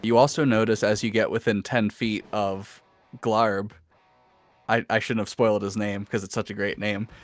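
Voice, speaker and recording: A man's voice: fairly low pitch, little pitch movement, moderate pace, soft background music. A man running a tabletop game as game master, narrating scenes and teasing the players in a dry way.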